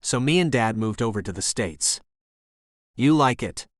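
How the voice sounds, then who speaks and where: A man's voice: mid-range voice, animated, unhurried, no room sound, studio quality, close to an everyday voice. A man voicing a friendly, chatty young waitress with an English accent. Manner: breezy, chatty, warm.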